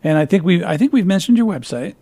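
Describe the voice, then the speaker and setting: A man's voice: sits high, expressive, quick pace, warm tone. A man hosting an interview, easygoing, keeping the chat moving with short replies. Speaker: host.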